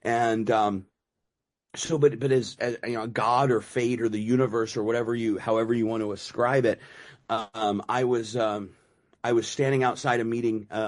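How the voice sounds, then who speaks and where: A middle-aged man gives a personal recovery share. He talks casually, with lots of "you know" and restarts. His humor is dry and self-mocking. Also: fairly low pitch. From United States. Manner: conversational, many fillers and repeats. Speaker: recovery meeting speaker.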